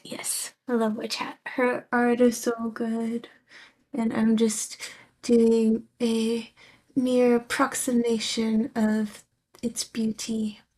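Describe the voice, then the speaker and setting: Young British woman streamer, casual chat, soft and slow, drifts into whispers. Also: fairly high pitch.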